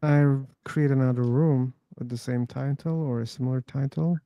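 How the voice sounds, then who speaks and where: A man's voice: medium pitch, steady tone, normal speed, no echo, muffled recording. A man hosting an online voice-chat room, rambling casually, laughing and swearing as he tells stories.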